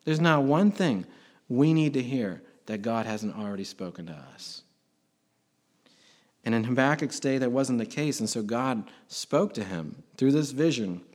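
Male pastor, mid-pitched voice, conversational sermon with sudden emphatic swells.

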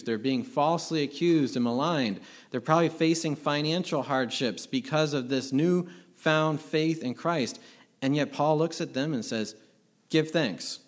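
Middle-aged male pastor, mid-range voice, earnest and emphatic sermon delivery. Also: mid-range voice. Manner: earnest, emphatic preaching with rhetorical questions.

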